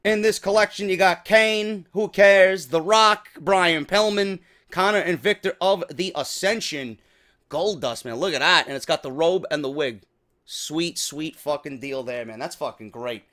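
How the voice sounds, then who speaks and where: A man with a New York accent talks through an unboxing in a high, bright voice. He is excitable and swears constantly, in loose, casual chat. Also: unhurried. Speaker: wrestling show host.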